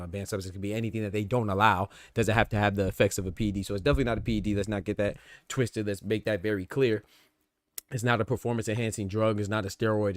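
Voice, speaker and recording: A man's voice: on the low side, dry recording, studio quality. A man hosting a boxing podcast in casual chat, laid-back and slangy, with "man" and "you know what I'm saying" in nearly every line. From American South. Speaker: podcast host.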